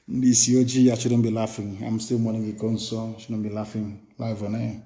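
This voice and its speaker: This broadcaster from southeastern Nigeria addresses his followers in a live political broadcast, scornful and impassioned, repeating phrases for emphasis. His Nigerian-accented voice is fairly low and warm, holding a steady tone at a moderate pace with few pauses, in an echoey room.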